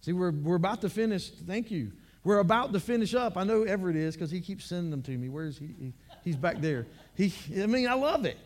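High-voiced man preaching a casual sermon. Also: lively intonation, a little fast. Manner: conversational, repeats words while building points. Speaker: pastor.

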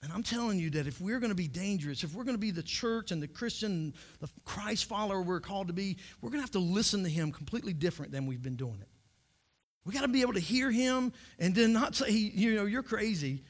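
High-voiced joking pastor. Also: male voice, lively intonation, fast. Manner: joking, repeats words when starting sentences. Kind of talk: humorous sermon.

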